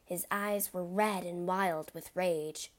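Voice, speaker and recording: Slow, dramatic woman narrating a storybook. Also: fairly low pitch, fairly even intonation.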